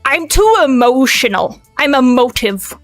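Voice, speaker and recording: A young adult woman streaming in casual chat, excitable and emotive, talking loud and fast with big swings in pitch. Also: no room sound, soft background music.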